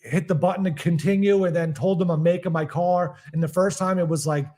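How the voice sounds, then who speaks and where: A man's voice: sits high, steady tone, brisk, darkish tone. A man with a New York accent co-hosting a live comedy podcast, chatting in a laid-back, rambling way with lots of fillers. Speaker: podcast co-host. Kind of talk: casual comedic chat.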